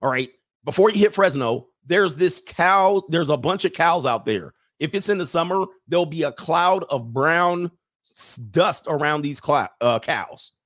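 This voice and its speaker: A man's voice: on the high side, lively intonation, a little slow, a bit bright. A man hosting a livestream in a casual, rambling monologue, joking along and reading out viewer comments. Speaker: livestream host.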